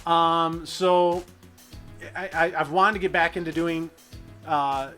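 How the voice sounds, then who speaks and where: A man's voice: a little high, fairly even intonation, slow, bright, forceful tone, faint music behind. A man hosting a city-building gameplay video, rambling and thinking aloud in a goofy, self-deprecating way. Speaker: gaming channel host.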